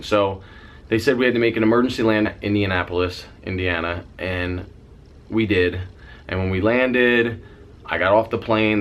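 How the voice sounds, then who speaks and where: A young man telling a dramatic story in a casual vlog, swearing freely and mimicking the noises as he goes. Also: deep voice. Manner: animated, dramatic retelling with sound effects. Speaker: vlogger.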